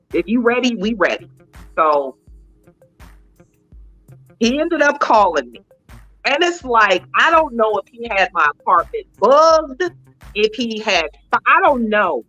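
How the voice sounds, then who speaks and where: A woman's voice: medium pitch, dull audio. A woman in her late forties, an interview guest, telling her personal story candidly and acting out quoted dialogue. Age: 40s. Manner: animated, emphatic retelling with quoted dialogue.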